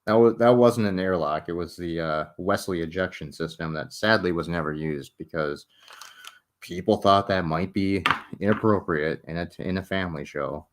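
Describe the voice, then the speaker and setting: A man's voice: sits low, moderate pace. A young man chatting casually with viewers while he builds a model, joking at his own expense, swearing freely and laughing often. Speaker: livestreamer building a model ship. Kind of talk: casual late-night chat with viewers.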